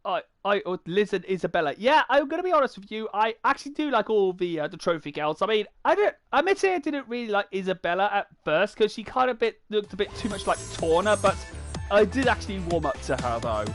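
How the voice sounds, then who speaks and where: Loud racing game music runs beneath this young UK streamer, who talks fast in a high-pitched voice with big pitch swings and no echo. He chats with his viewers in a rambling, stop-start manner while playing the racing game live.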